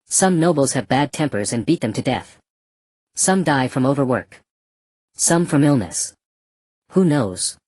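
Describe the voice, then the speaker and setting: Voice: medium pitch, expressive, a little slow, pauses often, a little mellow, no room sound, studio quality. A narrator voicing a cruel, mocking male slave trader in a black robe, speaking casually and scornfully. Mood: cold mockery. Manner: casual, scornful, matter-of-fact.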